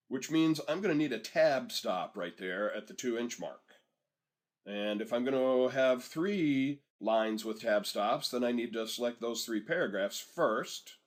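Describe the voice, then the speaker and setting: This software instructor is a man with a mid-range voice, recorded on what sounds like a desktop microphone during a screen-captured lesson. He explains the steps in an easy, chatty way, stopping now and then so learners can keep pace.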